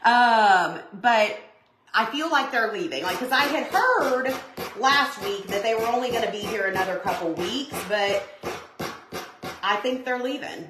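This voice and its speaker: A woman's voice: on the high side, expressive, measured pace, over music. A woman hosting a live crafting stream, chatting casually with viewers in a rambling way with lots of asides. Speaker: craft livestream host. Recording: echoey room.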